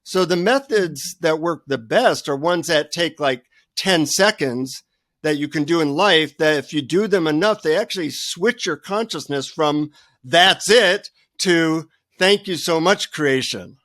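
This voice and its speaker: A man who is a guest author, telling humorous, animated stories in a remote interview. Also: a little high, a little slow, no room sound, studio quality. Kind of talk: storytelling in an interview.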